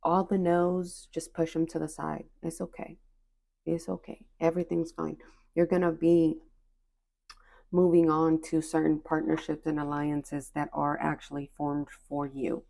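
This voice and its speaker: A woman's voice: low voice, flat delivery, a little slow, gravelly, dark tone. A woman giving a spiritual oracle card reading to her viewers, reassuring and encouraging in a casual, slangy way, often repeating phrases.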